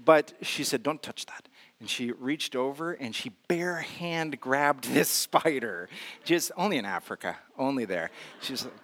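A man's voice: medium pitch, animated, unhurried, a bit bright. A man preaching a sermon in a conversational, storytelling way, with humor and frequent filler words. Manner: storytelling with humor and self-deprecation. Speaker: pastor.

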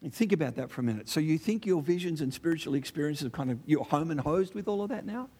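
Animated Australian male preacher. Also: fairly high pitch, fast talker, husky. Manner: animated, rhetorical questions, conversational asides. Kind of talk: sermon.

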